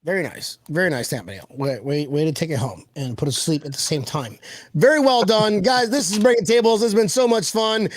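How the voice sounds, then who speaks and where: A man's voice: high-pitched, a little fast, no room sound. A male host of a live web show, hyped and loose, swearing and calling everyone bro. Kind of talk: casual live-show chat.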